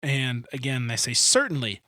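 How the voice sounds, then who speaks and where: A man hosting a podcast, telling a story in an animated, joking way in casual discussion. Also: mid-range voice, moderate pace, dry recording. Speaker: podcast host.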